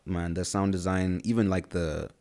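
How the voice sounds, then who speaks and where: A young man co-hosting a casual movie review chat, relaxed and slangy, with many fillers and repeated words. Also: low voice, normal speed. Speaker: podcast co-host.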